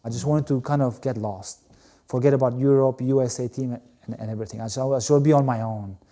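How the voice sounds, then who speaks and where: Man, mellow emphatic storyteller. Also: medium pitch, steady tone, brisk. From Albania. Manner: emphatic, repeats words, frequent "you know". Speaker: interview guest, former volleyball player. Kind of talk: animated storytelling in conversation.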